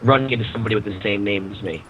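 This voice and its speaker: A man with a mid-pitched voice chats casually about games and keeps poking fun at himself. The sound is dull and lo-fi, with faint noise behind. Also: racing. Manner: self-deprecating, laughs at himself. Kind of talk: casual gaming chat.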